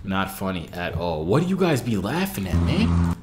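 Young male reaction host, unimpressed and pleading, lively pitch, faint music bed. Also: normal speed. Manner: unimpressed, complaining, pleading with viewers. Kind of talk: casual reaction commentary.

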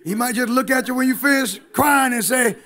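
Male preacher, high-pitched, emphatic, engages the congregation, church sermon. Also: a little fast, sharp tone.

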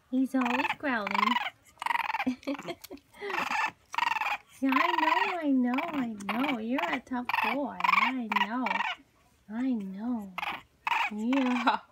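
A woman's voice: sits high, very noisy. A woman talking baby talk to her puppies, cooing and sing-song, laughing often between lines. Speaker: dog breeder talking to puppies. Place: indoors with puppies.

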